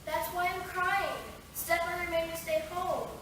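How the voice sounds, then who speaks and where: An actress playing Cinderella, a young, hardworking, put-upon maiden, in a live youth theatre show, speaking plaintively. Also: female voice, extremely high pitch, little pitch movement, unhurried, fairly bright tone, distant mic, a little hiss or hum. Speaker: stage actor. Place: theatre stage. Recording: echoey stage taped from afar.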